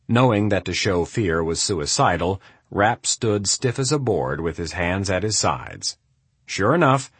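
A man narrating a thriller audiobook in a steady, measured storytelling manner. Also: deep voice, husky, no room sound. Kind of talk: scripted narration.

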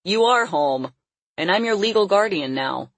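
A woman's voice: medium pitch, animated, a little slow, no room sound, voice pushed up. A woman doing a smug, taunting male captor. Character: smug, menacing middle-aged male captor.

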